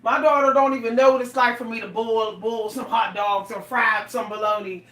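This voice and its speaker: High, bright-voiced woman vlogger, echoey room. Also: brisk. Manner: animated, laughing, exclaiming, addresses viewers as y'all. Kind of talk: casual monologue to viewers. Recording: echoey room, voice a bit far from the mic.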